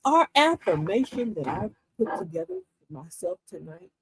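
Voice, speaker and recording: An older woman hosting a casual motivational livestream, telling stories with lots of laughter and reading affirmations slowly and with emphasis. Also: mid-range voice, slight background noise. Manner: animated storyteller, laughs often. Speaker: livestream host.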